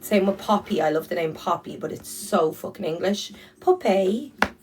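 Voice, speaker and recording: A woman's voice: fairly low pitch, lively intonation, moderate pace, distant mic, over music, rough recording. A woman with an Irish accent chatting casually on a phone livestream, blunt and swearing freely. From Ireland. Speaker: livestream host. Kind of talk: casual livestream chat reading comments.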